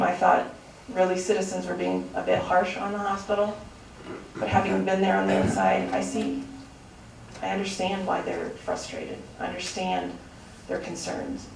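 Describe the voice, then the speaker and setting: A woman's voice: fairly low pitch, gravelly, a little mellow, a little hiss or hum. A woman speaking earnestly and insistently as a citizen during public comment at a city council meeting. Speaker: citizen and former hospital employee. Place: council chamber. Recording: very echoey distant council-chamber recording.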